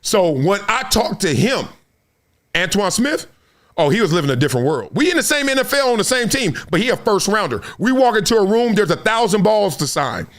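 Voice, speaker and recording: This sports talk show host, a man in his fifties, has a high-pitched voice and talks a little fast. Laughing often and using plenty of slang, he animatedly acts out the stories and quotes he tells.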